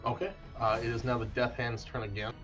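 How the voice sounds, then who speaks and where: A man's voice: medium pitch, little pitch movement, brisk, a bit bright, faint music behind. A man narrating as game master of an online tabletop game, describing the action with many "uh" restarts. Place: home streaming setup.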